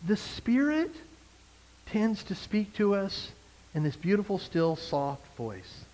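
A man's voice: high-pitched, big pitch swings, slow, darkish tone, a little hiss or hum, rough recording. A man preaching a conversational sermon as a pastor, emphatic and fond of repeated phrases. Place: church service.

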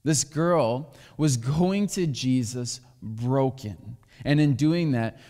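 A man's voice: medium pitch, a little mellow. A man preaching a sermon as pastor, talking candidly and sharing personal stories. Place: church sanctuary. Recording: long hall reverb.

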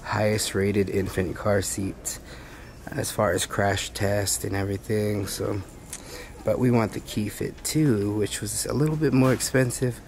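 A man with a rough, gravelly voice, chatting in a laid-back, rambling way for a vlog while out shopping. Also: on the low side, fairly even intonation, unhurried, darkish tone, slight background noise. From Hawaii. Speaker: vlogger. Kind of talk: casual vlog chat. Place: car and a big-box store.

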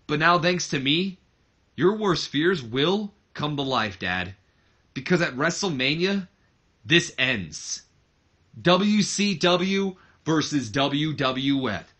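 Brash young heir cutting a taunting promo, put on by a male gamer; bright, raised voice. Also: fairly high pitch, animated, slow, exaggerated voice. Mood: smug taunting. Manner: smug, taunting wrestling promo delivery. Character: brash young man, heir to a wrestling company, taunting his father.

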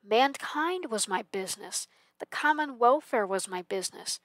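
A woman's voice: a little high, animated, normal speed, no room sound. A woman voicing the tormented, chained ghost of an old businessman in a storybook reading, mournful and declaiming. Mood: anguished. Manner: mournful, declaiming with swells of loudness.

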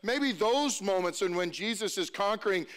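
A man preaching in a relaxed, conversational way, stumbling over restarts and tossing rhetorical questions to his listeners. His voice sits high for a man and rings smooth and clear. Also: normal speed. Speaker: pastor. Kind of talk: sermon.

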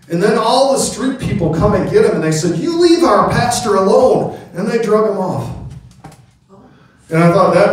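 Middle-aged male preacher, storytelling sermon, booming hall echo. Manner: storytelling preacher, calls out amen to the congregation. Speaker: pastor. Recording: very echoey hall, mic from a distance.

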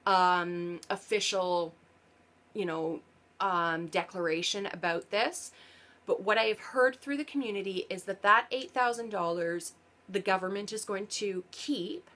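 A woman talks to camera in a casual explainer vlog. Her voice sits at an ordinary middle pitch. She explains earnestly, turns sarcastic at times, and often backs up to fix her wording. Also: measured pace, a bit bright. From Canada. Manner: sarcastic, earnest explaining with frequent self-corrections. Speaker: parent and vlogger.

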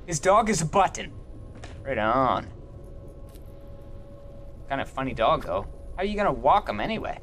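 A man's voice: mid-range voice, very animated, moderate pace, long pauses, a bit bright, slight background noise. A young man doing let's play commentary, goofy and joking, swearing as he plays. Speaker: gaming youtuber.

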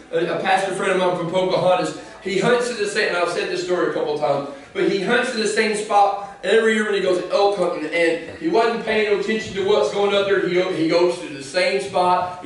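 High-voiced fervent preacher in an echoey hall. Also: male voice. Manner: fervent, calls out to the congregation and rises to shouts. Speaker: pastor. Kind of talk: preaching a sermon. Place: church sanctuary. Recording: echoey church hall from a distant mic.

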